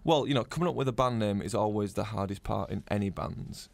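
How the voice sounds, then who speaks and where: Gravelly northern English man. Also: on the low side, quick pace, no echo. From northern England. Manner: chatty storyteller, rambling with many restarts. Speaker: band member, guest. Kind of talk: casual interview chat.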